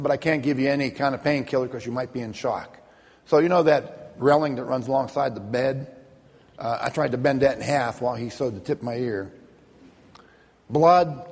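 A man with a gravelly, slightly husky voice tells a personal testimony at an average pitch. He speaks plainly and deliberately, lingering on lists and acting out what others said. His voice carries a long reverb, as if from a large hall. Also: darkish tone.

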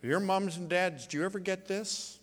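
A man leading a children's sermon in church, playful and animated, asking the kids lots of questions. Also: sits high, moderate pace. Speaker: pastor giving children's sermon. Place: church sanctuary. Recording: reverberant church hall.

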